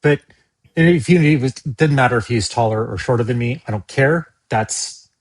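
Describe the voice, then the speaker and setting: A man's voice: medium pitch, moderate pace. A man co-hosting a livestream, making wry, profane, blunt asides about the clips. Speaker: stream co-host. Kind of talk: casual livestream commentary.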